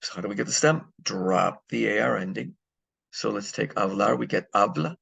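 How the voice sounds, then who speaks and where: A man's voice: fairly low pitch, moderate pace, vocal fry, fairly bright tone, slightly rough, dry recording. A man teaching a recorded grammar lesson, explaining step by step and answering his own questions. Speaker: Spanish teacher.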